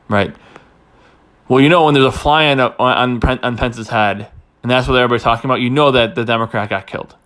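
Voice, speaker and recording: Male commentary host, mid pitch, heated off-the-cuff rant with lots of restarts. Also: fairly bright tone. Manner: rambling, heated, repeats himself. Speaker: podcast host. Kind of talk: opinionated political commentary.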